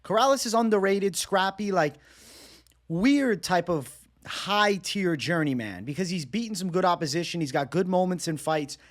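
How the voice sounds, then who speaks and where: A man giving a casual solo breakdown of fight picks and betting odds, energetic and slangy in a conversational way. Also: a little high. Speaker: MMA betting analyst.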